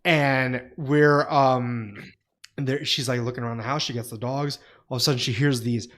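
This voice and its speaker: A man's voice: medium pitch, normal speed. A man co-hosting a podcast, telling stories in casual, profane chat. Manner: profane, animated storyteller. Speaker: podcast co-host.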